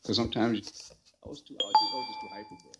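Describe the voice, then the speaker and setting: A man's voice: on the low side, fairly even intonation, quick pace, heavy background noise. A man who is a guest on a podcast, talking casually in a rambling way with many fillers. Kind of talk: casual chat.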